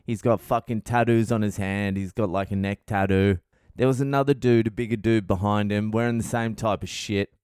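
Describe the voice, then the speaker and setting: A man hosting his own comedy podcast, telling a story in a blunt, animated monologue full of swearing. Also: on the low side, normal speed, clear, resonant tone, no room sound, clean studio sound.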